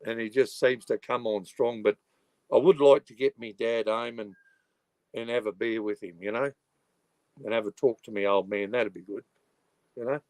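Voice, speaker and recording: A middle-aged man with an Australian accent rambles through a casual livestream, swearing freely and padding his talk with "you know." His voice sits at an ordinary pitch for a man. The sound is dry and close, with no room echo. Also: fairly even intonation, moderate pace, pauses often, darkish tone. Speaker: livestreaming channel host.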